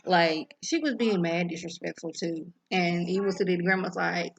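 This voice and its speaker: Woman doing a chatty episode recap, super animated, acts out everybody's lines. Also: on the low side, moderate pace, vocal fry, lo-fi sound. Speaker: TV episode reviewer.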